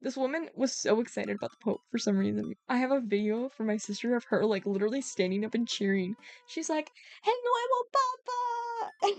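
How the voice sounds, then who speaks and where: A young woman streams a dating game, reading its dialogue and breaking off to chat, giggly and scattered as she jumps between topics. Her middling-pitched voice is gravelly and a little mellow, with fairly even intonation, a quick pace, and few pauses. Faint music plays behind her.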